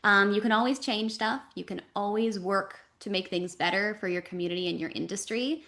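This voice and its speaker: Canadian woman voice actor chatting in an interview, lively and quick, lots of ums and likes. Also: medium pitch. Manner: animated, talks in quick runs with fillers. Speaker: voice actress guest. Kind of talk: casual interview talk.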